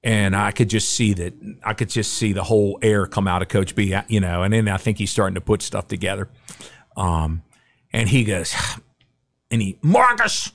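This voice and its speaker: A middle-aged man with a low voice, a guest on a podcast. He spins a story in easy conversational chat. He slips into little voices for the people he quotes. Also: moderate pace, gravelly. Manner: animated, acts out quotes. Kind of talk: casual anecdotal storytelling.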